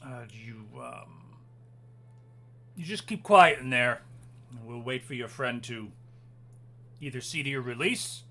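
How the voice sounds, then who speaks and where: A man voicing a composed male officer in a tabletop game, speaking in a measured, formal and commanding way. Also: medium pitch, fairly bright tone, slight background noise.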